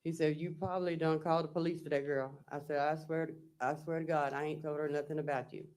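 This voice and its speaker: Her voice is deep and a little mellow, her delivery flat. As the defendant testifying in court, this woman reads her text messages aloud slowly and haltingly, plainly retelling each exchange through "I said" and "he said."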